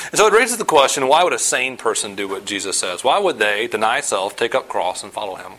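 A man preaching a sermon in an earnest, conversational way, asking the listeners questions and hitting key words with sudden loud emphasis. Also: lowish voice, big pitch swings, a little fast, few pauses, poor audio. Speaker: pastor.

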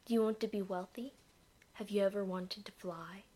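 A woman's voice: mid-range voice, fairly even intonation, moderate pace, warm tone, close to an everyday voice. A woman voicing a small, mischievous female ice creature who speaks in a teasing, coaxing, often whispered voice. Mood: sly.

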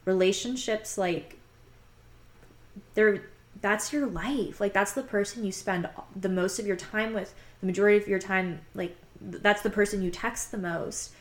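A woman's voice: medium pitch, moderate pace. A young woman casually telling a personal story, rambling and candid, with many fillers. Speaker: podcast host telling her own story.

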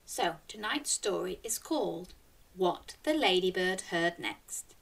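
Lively woman reading a children's story. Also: on the low side, slow pace, creaky. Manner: animated, coaxing listeners to join in with animal sounds. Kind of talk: reading a picture book aloud to young children.

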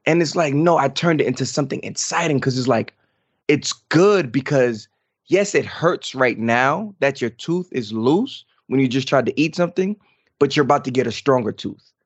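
A man in his thirties co-hosting a podcast, telling an animated story in casual chat. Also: mid-range voice, normal speed, husky, highs cut off. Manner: animated storytelling, lively voice swings. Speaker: podcast co-host.

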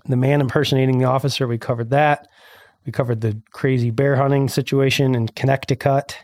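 A man's voice: mid-range voice, steady tone, a little fast, a little mellow, no echo, clean studio sound. A man hosting a casual podcast, reading news stories and ranting about them with sarcasm. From Illinois. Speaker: podcast host.

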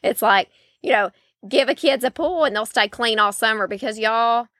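Mom podcaster rambling warmly about faith, lots of "you know", dry no-room sound. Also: female voice, a little high, moderate pace, dry recording. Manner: chatty, folksy, lots of fillers. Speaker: podcast host. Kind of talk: faith-based podcast talk.

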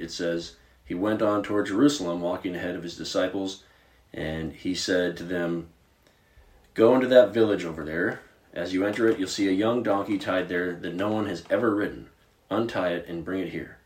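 A man from Virginia co-hosting a podcast, chatting about Bible stories in a casual, animated way with plenty of filler words. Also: low-pitched, roomy sound. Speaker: podcast co-host.

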